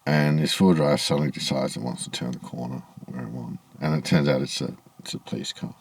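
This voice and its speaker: A man's voice: extremely low pitch, fairly even intonation, a little fast, breathy edge, no echo. A man telling a rambling, aggrieved story to camera in a casual vlog, swearing freely, outdoors in the evening. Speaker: vlogger. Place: outdoors in low evening light.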